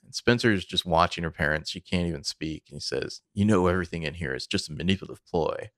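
A man co-hosting a podcast, casually retelling a TV episode and jumping into the characters' lines with big swings of pitch. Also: fast, no room sound, clean studio sound. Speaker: podcast co-host recapping a TV episode. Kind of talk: casual chat.

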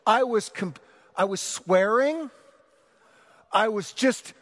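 Man, middle-aged, pastor, sermon, high voice, animated, self-mocking storytelling. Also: slow. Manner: animated, self-mocking, acts out shouting in anecdotes.

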